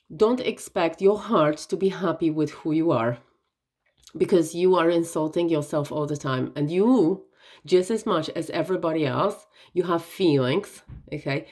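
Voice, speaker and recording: A woman giving an earnest, gentle self-help talk, often checking in with "right?" and "okay?". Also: on the low side. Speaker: wellness vlogger.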